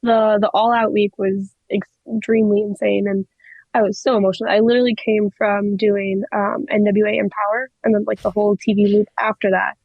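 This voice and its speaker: Giggly young woman with a creaky voice. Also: mid-range voice, fairly quick, no room sound, highs cut off. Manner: excitable, giggly, many likes. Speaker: wrestler, guest. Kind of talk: casual interview storytelling.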